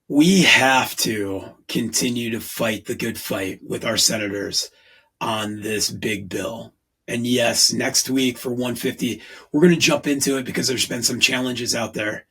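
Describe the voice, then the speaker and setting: A man's voice: mid-range voice, steady tone, unhurried, fairly bright tone, husky, low-quality recording. A man in his forties hosting a podcast, talking in an earnest, rambling way. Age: 40s. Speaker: podcast host. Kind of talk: casual podcast monologue.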